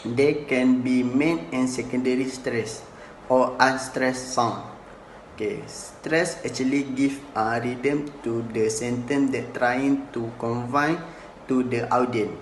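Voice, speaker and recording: A man giving a class presentation, hesitant and halting, with non-native phrasing and many fillers. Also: mid-range voice, steady tone. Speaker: student presenter. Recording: echoey room, faint noise.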